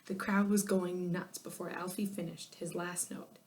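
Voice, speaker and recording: Expressive female narrator for a children's chapter book, lively delivery. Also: fairly low pitch, normal speed. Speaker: audiobook narrator. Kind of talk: children's storybook reading.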